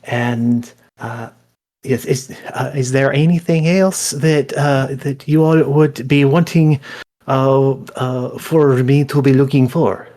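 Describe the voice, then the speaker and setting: A man's voice: mid-range voice, fairly even intonation, takes it slowly, mellow, pitched above the performer's own voice, lightly acted. A man voicing a nervous, earnest female major domo who stammers dutifully.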